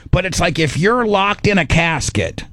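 Animated middle-aged man telling a story. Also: sits high, normal speed, no room sound. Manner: animated, acts out his inner voice. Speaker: radio show host. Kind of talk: casual storytelling chat.

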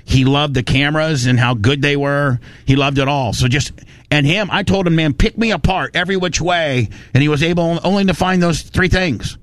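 A man's voice: a little high, moderate pace, dry recording. Fired-up man ranting on radio. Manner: animated, fired-up, quotes people in his retelling. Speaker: radio show host. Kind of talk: casual on-air storytelling rant.

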